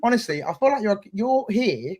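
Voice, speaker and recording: A man's voice: high voice, big pitch swings, darkish tone. A man on a casual football podcast, joking and repeating his punchlines. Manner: fast, joking, repeats himself. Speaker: podcast panelist.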